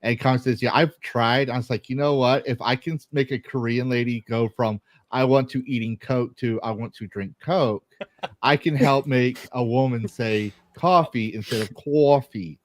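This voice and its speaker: A man's voice: medium pitch, steady tone, moderate pace, no room sound. A man from Texas hosting a casual chat, telling rambling, joking stories.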